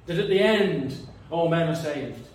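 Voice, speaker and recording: A man's voice: on the high side, animated, unhurried, darkish tone. A man preaching a sermon in an earnest, reasoning way, often repeating words as he thinks. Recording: echoey room, mic some distance away.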